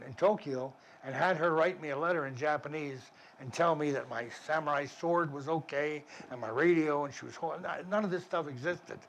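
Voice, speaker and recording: A man's voice: on the high side, a little hiss or hum. Older veteran man telling war stories. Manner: vivid, plainspoken, with frequent restarts. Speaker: army veteran interviewee. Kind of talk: war memoir storytelling.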